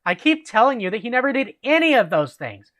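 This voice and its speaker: An indignant teenage girl warrior protests that her friend is innocent, read aloud by a man from a fan story. The intonation rises and falls in a lively way, like a casual storybook reading. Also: extremely high pitch, fairly quick, voice pushed up, heavily acted.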